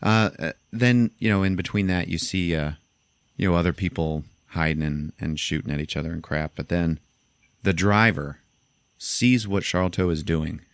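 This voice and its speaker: Male podcast host, deep register, loose laughing storyteller; dry, close recording. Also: normal speed, creaky, smooth, no echo. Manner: laughing storyteller, acts out lines. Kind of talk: casual film recap.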